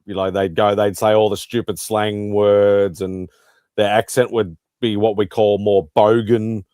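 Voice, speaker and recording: Australian man, low voice, dry close sound, casual panel chat. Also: unhurried, clean tone, no echo. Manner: relaxed, chatty, uses slang.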